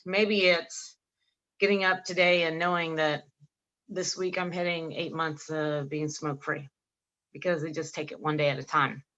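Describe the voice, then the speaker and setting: A woman's voice: sits low, normal speed, muffled recording. A middle-aged woman co-hosting a casual podcast, telling stories with animation, acting out both sides of conversations and laughing often. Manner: animated storyteller acting out dialogue; laughs often mid-sentence. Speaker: podcast co-host.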